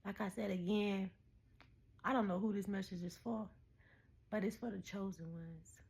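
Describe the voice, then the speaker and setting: A woman in her thirties talking straight to her viewers in a casual spiritual message, animated and preachy, laughing often. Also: mid-range voice, normal speed, vocal fry. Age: 30s. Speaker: spiritual vlogger.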